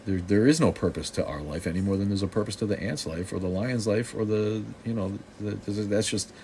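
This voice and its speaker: Low-voiced, snarky man from Boston, middle-aged, hosting a loose live-stream chat. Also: fairly quick, warm tone, slight background noise. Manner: snarky, joking, loose with many restarts. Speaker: live stream host answering viewer comments.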